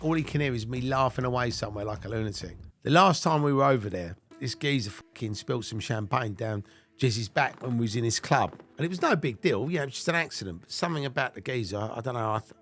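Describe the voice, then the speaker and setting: A man's voice: medium pitch, animated, a little fast, fairly bright tone. Profane, laughing English man telling stories. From England. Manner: blunt and heavily profane, breaking into laughter. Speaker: narrator recounting his own past. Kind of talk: casual anecdotal storytelling.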